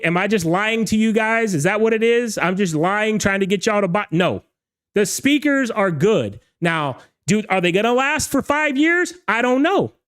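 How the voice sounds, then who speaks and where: Male DJ show host, high-pitched, slightly hoarse, emphatic casual ranter. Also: a bit bright. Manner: emphatic, ranting, repeats "okay?" and "all right?". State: slightly hoarse from talking all night. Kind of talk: casual livestream rant.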